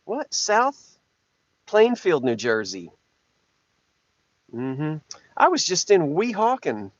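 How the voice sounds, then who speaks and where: A man's voice: a little high, huge pitch swings, takes it slowly, dry recording. A man hosting a rambling live-stream chat from inside his parked truck, talking to viewers through a mounted camera in a jokey, self-interrupting way. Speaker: live-stream host, antiques seller. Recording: dull lo-fi sound with faint hum.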